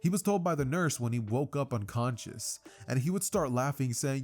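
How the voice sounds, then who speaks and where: A man's voice: medium pitch, moderate pace, hardly any pauses, soft background music. Casual man retelling a fan story. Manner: casual, slangy, energetic retelling with fillers.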